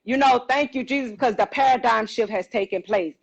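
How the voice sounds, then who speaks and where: A woman's voice: a little high, fairly quick, gravelly, dull audio. A middle-aged woman co-hosting a podcast, telling a story in casual chat and acting out the quotes. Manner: animated, acts out quotes, exclaims. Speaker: podcast co-host.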